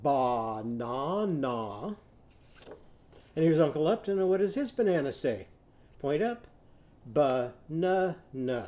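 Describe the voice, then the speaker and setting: A man teaching young children a phonics lesson, patiently prompting them to repeat after him and sounding out words slowly. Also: high-pitched, animated, warm tone. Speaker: literacy teacher.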